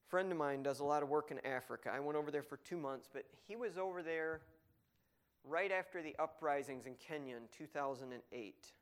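A man preaching a sermon, reading scripture aloud and explaining it in a conversational way, with strong emphatic stresses and quiet asides. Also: on the high side. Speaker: pastor.

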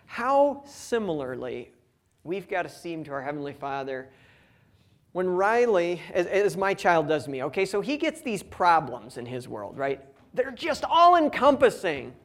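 A young man and father giving a conversational, humorous sermon and reading scripture slowly. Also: high voice. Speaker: pastor.

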